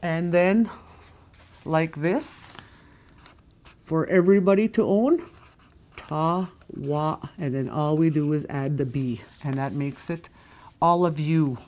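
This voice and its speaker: A middle-aged woman with a low, darkish voice teaches a recorded language lesson. She patiently repeats words slowly and walks through each step.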